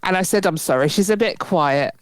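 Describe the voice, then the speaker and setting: A woman's voice: fairly low pitch, fairly quick, no room sound. Chatty woman telling a story. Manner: chatty storyteller, laughs often, acts out quoted voices. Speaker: podcast co-host. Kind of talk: casual chat.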